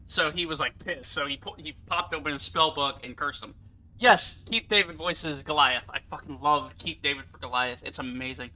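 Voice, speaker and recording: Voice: medium pitch, moderate pace, pushed and bright, low-quality recording. A gaming streamer giving casual live commentary, rambling, swearing freely and laughing often.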